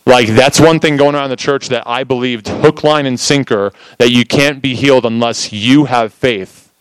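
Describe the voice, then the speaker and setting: A man preaching in a casual sermon, telling a testimony in an animated, storytelling way, with lots of "like" fillers. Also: medium pitch, moderate pace, smooth, no room sound, poor audio.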